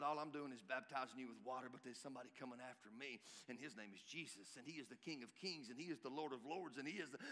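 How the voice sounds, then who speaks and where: A high-voiced man preaches a sermon in a bright, forceful tone. He builds emphatically and breaks into shouts at his peaks. His voice rings out with a long hall reverb. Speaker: pastor.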